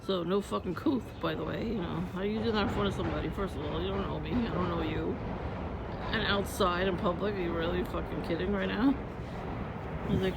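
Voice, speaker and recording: A woman's voice: lowish voice, fairly quick, gravelly. A woman vlogger telling stories in a blunt, irritated, profane casual rant. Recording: muffled lo-fi with loud background noise.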